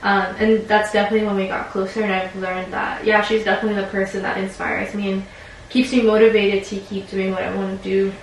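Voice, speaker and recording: A woman in her twenties speaks as a client in a counseling session, her mid-range voice flat and a little fast. She sounds reflective and hesitant, using many fillers. The recording is very echoey, with a distant mic and faint noise.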